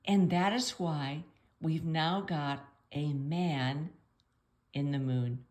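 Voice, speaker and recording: Reading a picture book to kids at home, this woman keeps things playful and chatty, with pauses for questions to the listener. Her voice is deep, a little mellow, and steady in tone.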